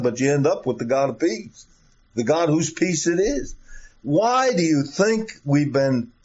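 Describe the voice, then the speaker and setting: A middle-aged or older man preaching a sermon emphatically. He asks rhetorical questions and repeats key phrases. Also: on the high side. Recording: dull lo-fi recording.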